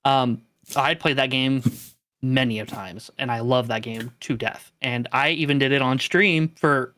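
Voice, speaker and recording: Sharp in tone and mid-range, his voice moves a little slowly. He's a gaming podcast co-host in casual, enthusiastic conversation, filling his speech with lots of fillers.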